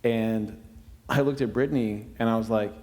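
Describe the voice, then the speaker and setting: A man's voice: fairly low pitch, steady tone, moderate pace, darkish tone. A man who served as a cabin parent, telling a camp story in an easygoing, casual way. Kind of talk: personal testimony, casual. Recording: reverberant room.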